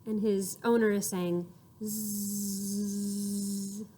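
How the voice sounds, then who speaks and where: Woman, children's storyteller, interactive picture-book read-aloud, slow and expressive, slightly high. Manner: expressive, acts out sound effects and invites children to repeat.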